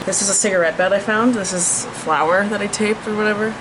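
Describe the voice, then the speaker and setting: A woman's voice: medium pitch, brisk, noisy background. Chatty, self-mocking woman vlogger in her twenties. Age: 20s. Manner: chatty and self-deprecating, loose and profane. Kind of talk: casual vlog chat.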